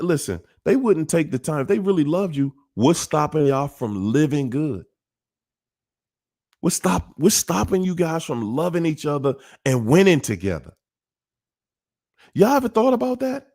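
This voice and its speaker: A man's voice: a little high, big pitch swings, a little slow, creaky, a little mellow. Man, livestream host, preachy, repetitive, emphatic, talks to viewers directly. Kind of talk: casual livestream talk.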